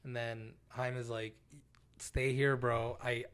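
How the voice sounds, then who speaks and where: His voice is mid-range and clean, and he talks slowly. He's a young man co-hosting a podcast, spinning a casual story full of swearing, with lively delivery and acted-out lines from other people.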